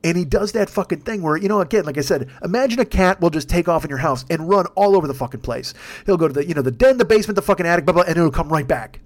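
A man spinning a comic story at a quick clip in a high voice, swearing freely and rambling. He talks in an animated, casual podcast style. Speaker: podcast host. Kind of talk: comedic storytelling.

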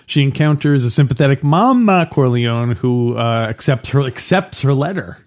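A man's voice: medium pitch, animated, normal speed, darkish tone. A man co-hosting a casual chat, asking questions and cracking jokes. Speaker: podcast co-host.

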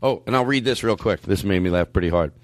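A man's voice: low-pitched, quick pace, over loud music. A man hosting a comedy podcast, talking in a rambling, playful way with jokey asides. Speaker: podcast host. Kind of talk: casual comedy podcast chat.

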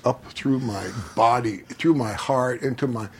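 An older man with a husky, slightly breathy voice tells a long personal story in relaxed conversation. His pitch sits in a middle register, and he livens up as he acts out the lines of each person, laughing as he goes. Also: normal speed, hardly any pauses. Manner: animated, laughs while telling, acts out quotes. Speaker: guest telling a personal story. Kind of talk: casual storytelling.

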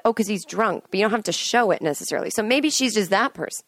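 Lying in bed at home, a female podcast host delivers a quick-paced, wandering monologue in a mid-range voice with no echo. She chats on her own, now and then singing snippets or performing character voices.

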